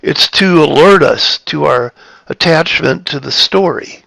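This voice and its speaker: A man giving a reflective spiritual talk, halting and repeating his phrases, shifting his tone of voice for emphasis. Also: fairly high pitch, vocal fry, pushed and bright, no echo. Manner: plays with tone of voice for emphasis. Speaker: spiritual speaker.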